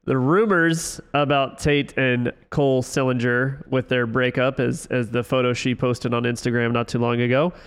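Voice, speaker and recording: A man's voice: medium pitch, level tone, normal speed, hardly any pauses, clear, resonant tone. A man hosting a casual sports panel game show, teasing his panelists in a playful way.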